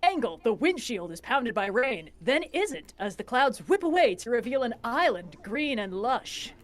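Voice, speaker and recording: A woman's voice: a little high, big pitch swings, moderate pace. A woman hosting a stream, reading a screenplay's stage directions aloud with wry asides. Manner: wry, adds snarky asides. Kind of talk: casual screenplay read-aloud.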